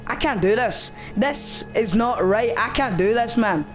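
A man plays through a horror game and mutters his way along at a slow, drawn-out pace. He sounds nervous and spooked. Clear game music plays behind him the whole time. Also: high-pitched, lively intonation. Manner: nervous, frightened muttering to himself. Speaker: gaming channel host. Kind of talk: horror game let's play commentary.

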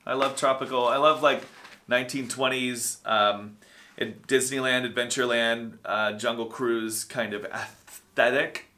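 A man casually vlogging at home, sleepy and rambling in a low-key, self-deprecating way. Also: fairly even intonation, measured pace, pushed and bright. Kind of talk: casual vlog chat. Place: at home, indoors. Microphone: camera or phone on a stand.

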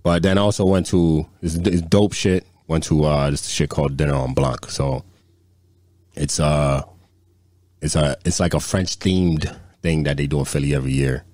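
A man's voice: extremely low pitch, fairly even intonation, normal speed, a little mellow, no echo. Podcast co-host, male, dry close sound, loose cursing storyteller. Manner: profane, rambling anecdotes with repeated fillers. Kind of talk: casual storytelling chat.

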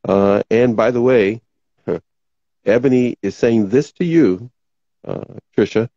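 A man hosting a talk show, rambling casually as he reads out viewer comments, his voice going hoarse. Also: mid-range voice, measured pace, warm tone, dry recording, dull audio. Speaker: podcast host.

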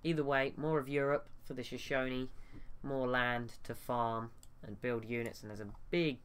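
A man's voice: mid-range voice, level tone, normal speed, fairly bright tone, clean tone. A man giving casual, thinking-aloud commentary over a strategy game, often restarting his sentences. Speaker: gaming YouTuber.

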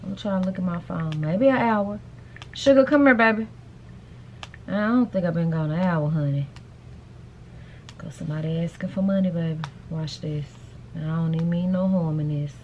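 A middle-aged woman vlogging in a chatty, animated way and talking straight to her viewers. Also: on the low side, moderate pace, long pauses, muffled recording, slight background noise. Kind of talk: casual chatty vlog.

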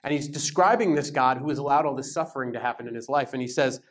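A man leading a Bible study, teaching in a lively, conversational way and giving verses dramatic emphasis. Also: medium pitch, fast, hardly any pauses. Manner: animated, emphatic, reads verses aloud with dramatic stress. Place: church meeting room.

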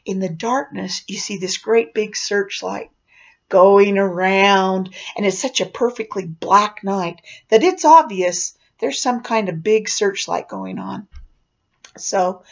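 A woman's voice: medium pitch, lively intonation, a little slow, creaky. A woman telling a spooky personal story dramatically, dropping into whispers for suspense. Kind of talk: oral storytelling. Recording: dull lo-fi recording.

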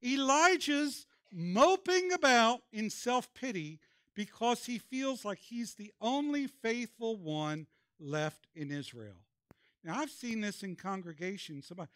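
High-voiced man preaching a sermon. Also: sing-song, unhurried, a bit bright, dry recording, clean studio sound. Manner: preaching with call-and-response prompts. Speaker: pastor. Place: church.

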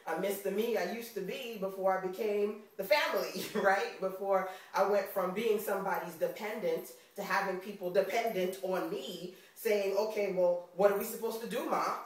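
A woman with a New York accent talking casually to camera in a motivational vlog, chatty and expressive and often laughing. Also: fairly low pitch, recorded from a distance, slight background noise. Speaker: vlogger. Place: indoors on camera. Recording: very echoey room, off mic.

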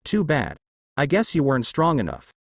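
Brief: man voicing a sinister young ninja, cold and mocking, lively pitch. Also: moderate pace, creaky, no echo, clean studio sound, heavily acted. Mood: taunting. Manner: cold, taunting. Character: cruel smirking young male ninja.

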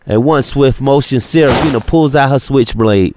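A man narrating an audiobook in a steady, plain reading. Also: mid-range voice, moderate pace, few pauses, a little hiss or hum. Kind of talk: scripted narration.

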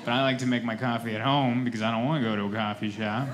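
A man's voice: medium pitch, steady tone, fast talker, crowd noise. A man in his thirties doing a self-deprecating stand-up set, acting out quoted voices along the way. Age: 30s. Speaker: stand-up comedian. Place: comedy stage before a laughing audience. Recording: live comedy set with audience noise. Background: audience laughter.

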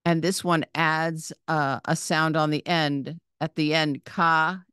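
A woman's voice: deep voice, fairly even intonation, measured pace, fairly bright tone, smooth, no room sound, studio quality. A woman giving a patient reading lesson, saying each word, spelling out its letters and vowel sounds, then repeating it. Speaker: Hebrew reading teacher.

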